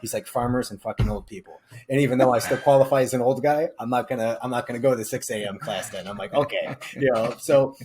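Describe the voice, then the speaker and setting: A man's voice: medium pitch, steady tone, fast, hardly any pauses, a little mellow. A middle-aged man co-hosting a casual podcast, telling stories and laughing often. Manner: laughing storyteller. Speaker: podcast co-host. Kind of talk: casual chat. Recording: faint background noise.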